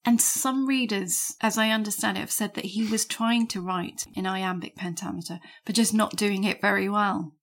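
A woman hosting a discussion of a poem, asking questions and slowing down to spell out examples. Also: medium pitch, fairly even intonation, a bit bright. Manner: clarifying, slows to spell out examples. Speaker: host. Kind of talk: conversational literary discussion.

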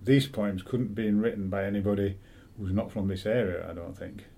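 A man interviewing a poet, speaking in a measured, thoughtful way with hesitant pauses. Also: on the low side, fairly even intonation, creaky, mellow. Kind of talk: interview questions.

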